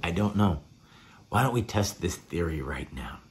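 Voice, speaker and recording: A man's voice: low voice, expressive, moderate pace. A comedian talking casually to camera and to his dog, wry and jokey. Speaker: stand-up comedian. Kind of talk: casual comic vlog to camera.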